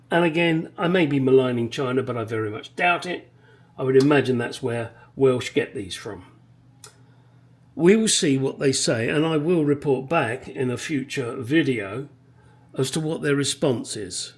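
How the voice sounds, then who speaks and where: A man's voice: medium pitch, normal speed, husky. A man talking candidly in a casual workshop vlog, bluntly explaining car bodywork with frequent swearing and hesitant fillers. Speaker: car restoration vlogger.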